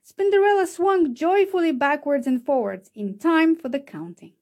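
A woman's voice: high-pitched, expressive, normal speed, darkish tone. A woman reading a children's storybook aloud, changing her voice for each character.

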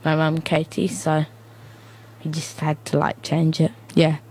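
A young girl from New Zealand chatting casually and softly, trailing off. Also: low voice, monotone, measured pace, husky, rough recording.

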